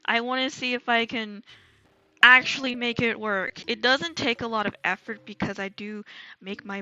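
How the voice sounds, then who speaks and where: Woman vtuber chatting on stream, bright kinda high voice, crude jokes, laughs a lot, faint music behind. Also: fairly even intonation, normal speed, lo-fi sound. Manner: candid, crude, laughs often; slides her voice higher and lower at will. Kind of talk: casual live-stream chat.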